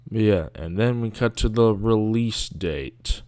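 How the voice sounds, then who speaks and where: A man's voice: on the low side, measured pace, darkish tone, no echo, studio quality. A man giving casual, rambling commentary on a video, sarcastic and grumbling, with mocking asides.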